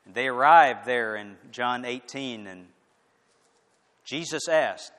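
A man preaching a sermon, swinging from loud, emphatic declarations to hushed, quiet lines. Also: mid-range voice, slow pace, long pauses. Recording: echoey hall with long reverb.

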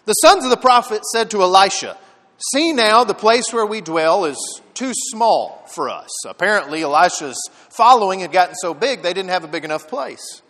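A man preaching a sermon, telling the story with lively dramatic emphasis. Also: sits high, moderate pace, long reverb tail. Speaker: pastor.

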